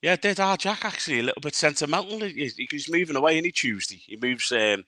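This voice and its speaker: Brief: man, forties, co-host, bright forward voice, warm storytelling, dry sound. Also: fairly high pitch, expressive, fast, no room sound. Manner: storytelling, sentimental, laughs often. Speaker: podcast co-host. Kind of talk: casual chat.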